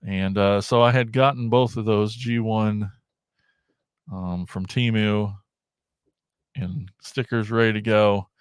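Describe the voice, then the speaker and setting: Male host, low-pitched, casual rambling stream chat, dry room. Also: steady tone, takes it slowly, pauses often, clean tone, no echo. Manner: rambling, chatty, with frequent restarts. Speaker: podcast host.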